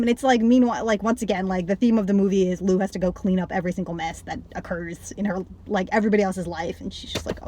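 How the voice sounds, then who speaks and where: A woman chatting through a film review in a loose, rambling way, peppering nearly every phrase with "like". Her pitch sits in an ordinary middle range. She sounds emotionally invested, sighing and going quiet when a scene upsets her. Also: steady tone, fairly quick. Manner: rambling, heavy use of "like", trails off and restarts. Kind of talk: casual spoken film review.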